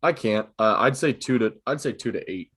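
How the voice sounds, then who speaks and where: A man's voice: on the low side, animated, normal speed, a bit bright, slightly rough. A young man co-hosting a casual podcast over a video call, steadily working through a list with "um" and "uh". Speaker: podcast co-host. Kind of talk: casual chat.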